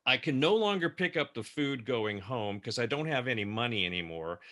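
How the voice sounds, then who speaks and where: A man co-hosting an interview, telling a personal anecdote in a lively way and acting out the dialogue. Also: mid-range voice, moderate pace. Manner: lively storyteller who acts out quoted dialogue. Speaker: co-host.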